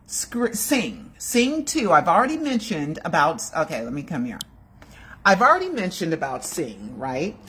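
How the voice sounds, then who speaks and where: Chatty woman in her sixties, lowish voice. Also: big pitch swings, normal speed, fairly bright tone, breathy edge. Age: 60s. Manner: chatty, digressive, emotional. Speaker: video host. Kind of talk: casual chat to camera. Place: home room.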